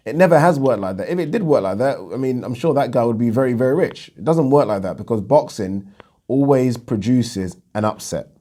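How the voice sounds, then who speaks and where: A man hosting a boxing vlog, talking in a chatty, animated way and repeating himself for emphasis. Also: medium pitch, a little fast. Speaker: boxing channel host. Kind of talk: casual vlog talk.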